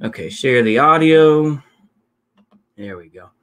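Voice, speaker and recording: Rambling, animated man on a stream. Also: mid-range voice, slow pace. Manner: rambling, profane, many fillers. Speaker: streamer reacting to protest footage. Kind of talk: casual livestream commentary.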